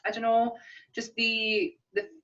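A woman's voice: fairly high pitch, takes it slowly. Chatty woman, distant and dull. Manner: animated, laughs often, restarts a lot. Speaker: podcast co-host. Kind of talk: casual chat.

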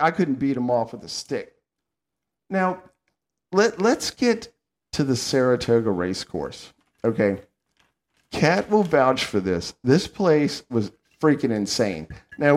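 A man from the Southern United States hosting a podcast, telling stories in a casual, animated way and laughing often. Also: mid-range voice. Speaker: podcast host. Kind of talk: casual chat.

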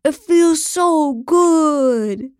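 Woman playing a laid-back man, loud and theatrical when it counts, dry studio sound. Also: mid-range voice, steady tone, moderate pace, no echo, close to an everyday voice. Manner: loud theatrical fake moaning and yelling. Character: male reality-show contestant, cheerful and unflappable. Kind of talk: audiobook character voice.

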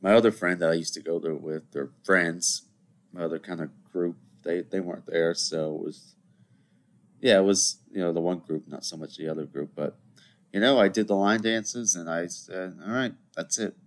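Chatty young man with a low voice. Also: moderate pace. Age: 20s. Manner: rambling, chatty, joking asides to listeners. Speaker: podcast host. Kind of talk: solo podcast monologue. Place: seated at a computer indoors.

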